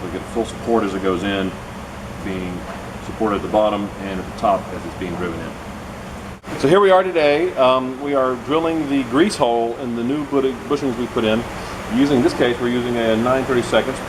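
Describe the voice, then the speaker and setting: A man's voice: medium pitch, fairly quick. A middle-aged man walking through a car repair in his home garage, coaching a kid step by step. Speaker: host of a garage video. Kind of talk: casual workshop narration. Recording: noisy garage recording.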